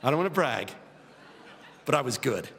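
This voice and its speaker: A man from Philadelphia preaching a humorous storytelling sermon with animated comic delivery that builds into shouted preaching, in a large hall. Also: mid-range voice, moderate pace, creaky, a faint crowd. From United States, Philadelphia. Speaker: preacher and guest speaker. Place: large hall with a live audience. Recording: reverberant hall, faint ambience.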